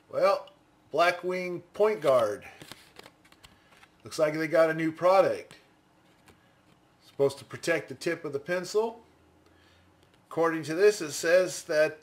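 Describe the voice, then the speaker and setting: A man's voice: a little high, lively intonation, slow, long pauses, a bit bright. A man giving casual, enthusiastic unboxing commentary on a pencil, chatting and thinking aloud as he goes. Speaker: pencil reviewer.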